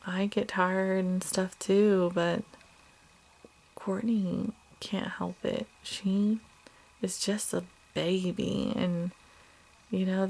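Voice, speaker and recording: Upset woman, slow and halting, gravelly voice, sinks to whispers sometimes, talking in a home video diary. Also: lowish voice, a little mellow. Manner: halting, hesitant, many fillers and restarts; subdued, drops at times to a whisper. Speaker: mother of two young children.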